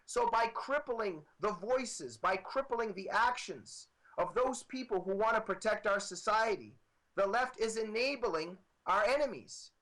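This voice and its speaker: A man's voice: high voice, animated, a little slow, pushed and bright, poor audio. A man appearing as a guest author, arguing with emphatic, repetitive political commentary over a computer microphone.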